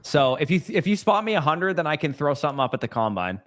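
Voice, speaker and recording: A young man co-hosting a fantasy football livestream, talking in a laid-back, dry, calm way. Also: on the high side, quick pace. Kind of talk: casual livestream chat.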